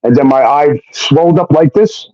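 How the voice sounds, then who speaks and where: Man, casual storytelling monologue, animated, keeps saying okay, dull muffled dry recording. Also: fairly high pitch, moderate pace, dry recording. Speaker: recording artist telling his story.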